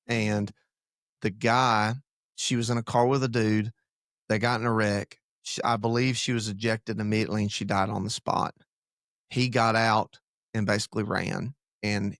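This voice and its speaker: A man's voice: fairly low pitch, a bit bright, no room sound, clean studio sound. A man, a pastor, telling a story in casual conversation on a church podcast. He talks earnestly, restarts his sentences and drifts from the story into preaching.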